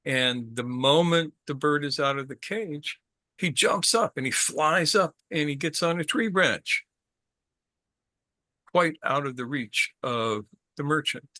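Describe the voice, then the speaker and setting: A man's voice: a little high, lively intonation, takes it slowly, bright, forceful tone, no echo. A man telling a traditional story to a group in a casual way, repeating words and stopping to ask questions.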